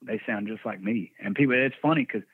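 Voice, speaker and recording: A man from Texas talks in a slow Texan drawl, casual and rambling, dropping swear words as he tells stories. His voice sits a bit low and comes through a narrow, phone-like line. The sound is dry. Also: slightly rough, no room sound. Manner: laid-back, profane, rambling drawl. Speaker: band musician guest. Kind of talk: casual interview storytelling. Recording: tinny phone-like remote line.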